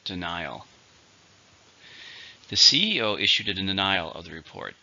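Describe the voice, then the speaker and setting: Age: adult. Sex: man. Role: English teacher. Style: vocabulary lesson. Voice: bright, lively, lowish, on a dull lo-fi recording. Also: a little fast, vocal fry. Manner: methodical, spells out syllables and stress.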